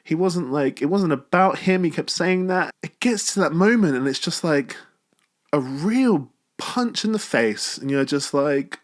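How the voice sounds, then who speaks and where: A man giving a casual spoken film review, chatty and animated, with a self-mocking streak. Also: fairly high pitch, moderate pace.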